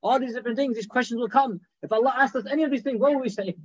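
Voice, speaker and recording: Man, sermon, animated storytelling, rhetorical questions, high voice, dull dry recording. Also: very fast, slightly rough. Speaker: Islamic preacher.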